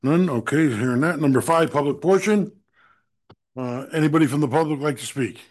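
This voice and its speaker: A man chairing a town council meeting, moving briskly through agenda items. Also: on the high side, a little mellow. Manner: brisk, businesslike.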